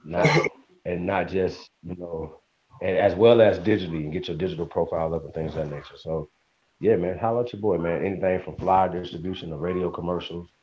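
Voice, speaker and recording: A man hosts a casual livestream, greeting viewers by name in an upbeat, slangy way. He has a low voice with fairly even intonation and talks fairly quickly. The stream audio is dull and lo-fi, with faint noise.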